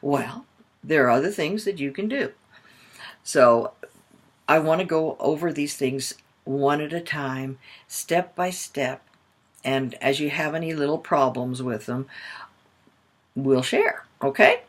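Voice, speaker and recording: Husky, lively older woman storyteller. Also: low voice, slow pace. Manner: expressive, acts out voices in her story. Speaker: parenting coach. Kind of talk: personal storytelling to moms.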